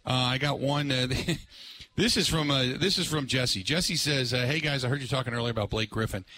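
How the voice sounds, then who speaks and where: A man hosting live sports talk radio from a remote broadcast. His voice is bright and forceful, and he rambles excitably with plenty of filler words. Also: mid-range voice, a little fast, a little hiss or hum.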